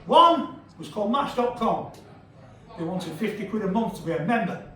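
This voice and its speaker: Sweary Yorkshire comic, high voice. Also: male voice, very animated, moderate pace, pushed and bright. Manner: brash, sweary, crowd-teasing storytelling. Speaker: stand-up comedian. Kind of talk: stand-up comedy set. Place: comedy club stage. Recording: echoey club, far from the mic, audience laughter.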